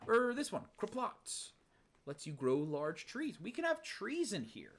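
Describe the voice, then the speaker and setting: Gaming streamer, casual let's play chatter, excitable, rambling, lively up-and-down voice, whispers then outbursts. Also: mid-range voice, moderate pace. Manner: excitable, rambling, swings between muttered whispers and loud outbursts.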